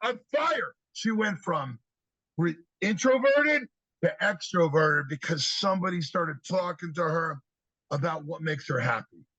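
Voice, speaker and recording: A man with a fairly high, husky voice tells stories on a podcast, acting out the children he talks to. The sound is dry and a little dull, like a simple podcast setup. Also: a little slow, dry recording. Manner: animated storyteller, acts out kids' answers. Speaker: podcast guest, youth speaker. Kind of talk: storytelling interview talk.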